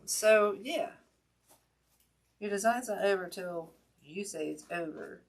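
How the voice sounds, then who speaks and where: A woman with a somewhat low voice chats through a wreath-making livestream. She is folksy and rambling, full of ums, and thanks her viewers by name. A hurt hand is giving her pain. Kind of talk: casual livestream chat while crafting.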